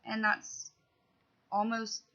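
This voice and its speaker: Gravelly, bright-voiced young woman vlogging. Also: on the high side, completely flat delivery, slow pace, lo-fi sound. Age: young adult. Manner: rambling and chatty, full of "like". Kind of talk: casual personal vlog.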